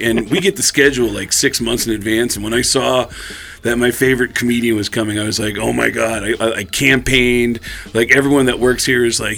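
A man, a comedian guest on a radio show, telling an animated story and acting out the dialogue in a studio. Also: mid-range voice.

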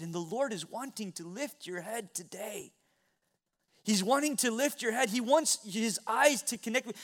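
A middle-aged man preaching from the pulpit with a notably high voice. He moves earnestly between near-whispered passages and ringing, raised exclamations. The sound is of a sermon given in a church. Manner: earnest preaching, swings from hushed to loud. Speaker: pastor. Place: church sanctuary.

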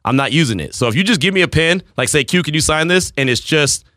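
A male radio host chatting casually on air and rambling through a story. His voice is bright and forceful, with a pitch that swings widely. The sound is dry and close. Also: fast, no echo. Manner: animated storytelling, rambling, laughs at himself.

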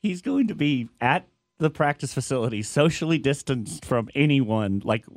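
A man's voice: medium pitch, lively intonation, moderate pace, no echo, studio quality. A man on a casual sports panel, making wry, jokey asides.

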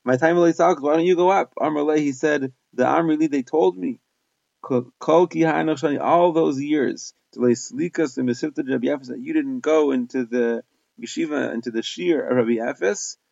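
Guy teaching talmud, gravelly voice, reads the aramaic then explains it, dry dull recording. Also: a little high, normal speed, a little mellow, no room sound. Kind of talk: Talmud lesson, reading and translating.

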